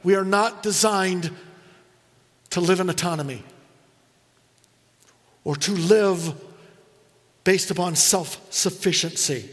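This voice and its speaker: A middle-aged man preaching a sermon, telling personal stories earnestly and slowing down for emphasis. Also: high-pitched, a bit bright, long reverb tail. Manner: earnest storytelling, slows for emphasis. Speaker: pastor.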